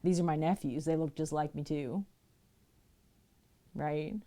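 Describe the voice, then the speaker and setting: A middle-aged woman with a lowish voice spins a story for her stream viewers in an unhurried, drawn-out way. She is chatty and breaks into laughter often as she talks. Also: fairly even intonation, dark tone. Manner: chatty, laughs often while telling stories. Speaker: livestream painter.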